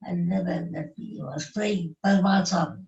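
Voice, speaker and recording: A grieving South African woman in her nineties, with a South African Indian English accent and a lowish, darkish voice, tearfully recounts her life as an interview guest. She speaks slowly in halting, broken English, in short emotional phrases. The live-stream audio is echoey and dull, with the mic set at a distance.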